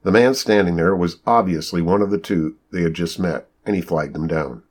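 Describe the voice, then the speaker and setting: An audiobook narrator with a low voice reads a scripted story at a normal speed. His storytelling is lively, and he raises his pitch whenever he voices quoted characters.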